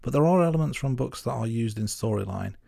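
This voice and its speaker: A man's voice: mid-range voice, expressive, fast talker, vocal fry, dark tone, no echo, studio quality. A man co-hosting a podcast, chatting casually about a film, laughing at himself and restarting his sentences. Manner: self-deprecating, laughs at himself, stumbling restarts. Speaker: podcast co-host.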